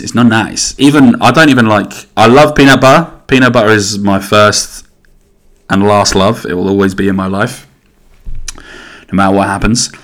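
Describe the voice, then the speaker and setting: A man's voice: lowish voice, fairly bright tone. Rambling sweary man. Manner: rambling, sweary, self-interrupting. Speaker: podcast host. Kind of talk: solo casual chat.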